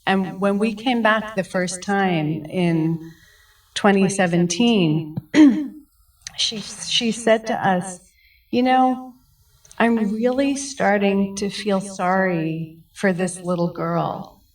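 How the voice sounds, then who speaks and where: A middle-aged woman speaks slowly and reflectively about her family. Her voice sits at a middle pitch and comes from well away from the mic. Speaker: survivor's daughter. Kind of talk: personal account to students. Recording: distant mic.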